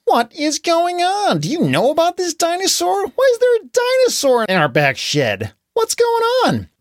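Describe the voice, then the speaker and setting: Storyteller doing a frantic, baffled dad. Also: male voice, huge pitch swings, moderate pace, no room sound, clean studio sound, exaggerated voice. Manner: high, frantic questioning. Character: flustered bewildered dad.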